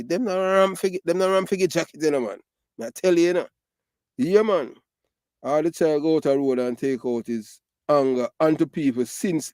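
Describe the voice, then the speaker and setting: A middle-aged man from Jamaica, his voice on the high side with a darkish tone, rants casually in a Jamaican Patois accent. The commentary is emphatic and repetitive, loaded with fillers, and the sound is clean studio with no room sound.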